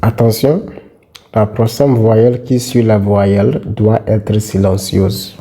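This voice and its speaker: A man teaching a French lesson, repeating words slowly and carefully so they can be copied. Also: on the low side, steady tone, warm tone, breathy edge. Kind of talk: slow explanatory lesson.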